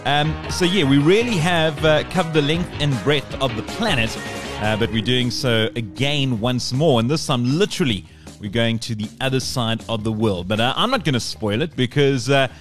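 A man's voice: medium pitch, normal speed, a bit bright, faint music behind. A man hosting a podcast interview, speaking with many hesitations and careful questions. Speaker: podcast host.

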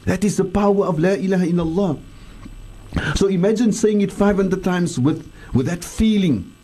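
A man's voice: high voice, moderate pace, warm tone. A man, a religious scholar on a radio show, speaking earnestly and repeating phrases for emphasis as he teaches and leads remembrance. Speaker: Islamic scholar answering listeners on radio. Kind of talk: radio talk on faith, leading remembrance.

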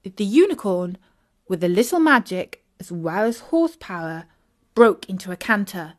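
A woman narrating a children's audiobook, clear and expressive. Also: mid-range voice, measured pace. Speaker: storyteller.

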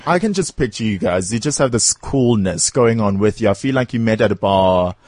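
A man's voice: lowish voice, expressive, brisk, a little mellow, dry recording. A male radio host interviewing a band in the studio, playful and theatrical, joking with his guests.

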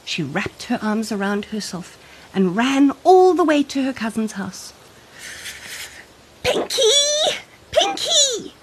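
A woman narrating a children's storybook in an expressive, animated read-aloud. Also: a little high, unhurried, background noise.

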